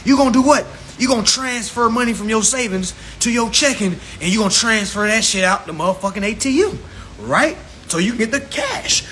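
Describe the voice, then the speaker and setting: A man's voice: high voice, sharp tone, a little hiss or hum. A man teaching viewers about credit in an informal, preachy lecture, swearing a lot for emphasis and repeating his points. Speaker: self-styled credit instructor.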